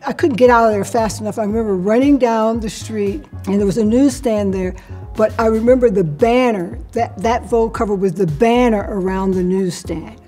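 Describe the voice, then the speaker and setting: Animated older woman telling her own story. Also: mid-range voice, normal speed, faint music behind. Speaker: interviewee recounting her career. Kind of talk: personal storytelling to camera.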